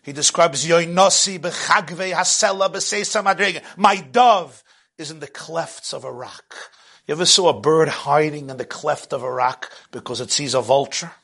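Male religious teacher preaching; high, bright voice; lively delivery that swings between hushed and loud. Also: normal speed, husky. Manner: animated, swings from hushed to loud, laughs at own jokes. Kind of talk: sermon.

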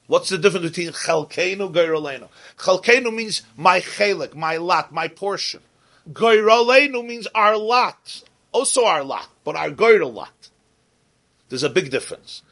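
A man's voice: high-pitched, expressive, normal speed, a bit bright. A man giving a Torah class in English, pronouncing the Hebrew terms the Ashkenazi way, often repeating and rephrasing his points. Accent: Ashkenazi Hebrew pronunciation. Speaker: Torah teacher.

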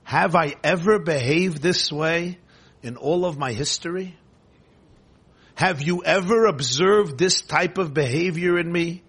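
A man's voice: on the high side, measured pace, a bit bright, slightly rough, exaggerated voice. A man voicing a loyal old talking donkey that pleads with its master in a hurt, questioning way. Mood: pleading. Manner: plaintive, questioning.

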